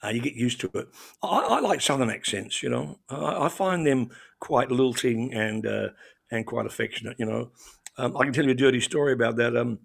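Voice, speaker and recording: Australian man, gravelly, chatty show regular, rambling anecdotes with restarts. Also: mid-range voice, lively intonation, fairly quick. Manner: chatty storyteller with many restarts and fillers. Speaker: regular commentator. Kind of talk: casual radio chat.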